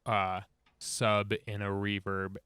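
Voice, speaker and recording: A man's voice: on the low side, little pitch movement, takes it slowly, bright, forceful tone, clean tone, no echo. A man in a casual chat explaining how he built a sound, step by step, trailing off. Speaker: guest music producer.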